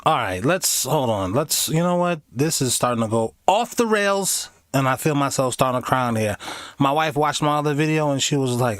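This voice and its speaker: A man's voice: medium pitch, animated, moderate pace, a bit bright, dry recording, clean studio sound. Candid rambling man reacting to clips. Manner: rambling and candid, laughs often, breaks into mock voices. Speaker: reaction video host. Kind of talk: casual reaction commentary.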